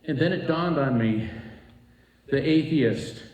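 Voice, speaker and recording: Animated male storyteller on stage, higher voice, roomy hall, distant mic. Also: slow pace. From East Coast Florida. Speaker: speaker at a retreat. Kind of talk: storytelling talk to a live audience. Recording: echoey room, voice from a distance.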